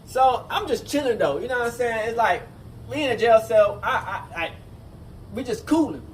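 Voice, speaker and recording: Rambling, profane man telling a story. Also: normal speed. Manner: rambling, animated, profane, repeats "you know what I'm saying". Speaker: storyteller recounting a jail fight. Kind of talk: casual storytime. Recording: distant mic with faint rumble.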